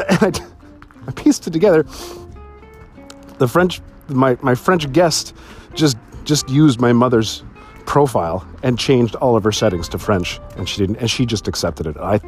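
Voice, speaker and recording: A man telling stories on his solo podcast, swearing freely, laughing often and jumping to a high voice when excited. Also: moderate pace, soft background music. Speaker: podcast host. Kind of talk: casual solo podcast storytelling.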